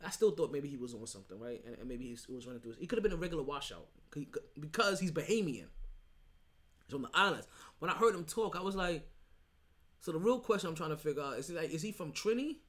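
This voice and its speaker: A man's voice: a little high, lively intonation, brisk, fairly bright tone. A man hosting a sports podcast solo, talking casually and emphatically, rambling with restarts and asking "right?" often. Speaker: podcast host.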